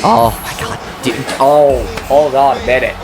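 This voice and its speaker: A man giving casual, excitable wrestling commentary, chatty and quick to swear. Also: mid-range voice, gravelly, over music.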